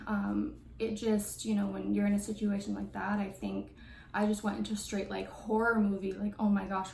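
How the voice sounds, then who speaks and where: A young woman in her twenties tells a story to camera, her voice carrying a gravelly vocal fry. She talks casually, with many fillers. The room is echoey, with faint background noise. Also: mid-range voice, darkish tone. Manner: chatty, lots of fillers and likes. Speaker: vlogger. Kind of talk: story time vlog.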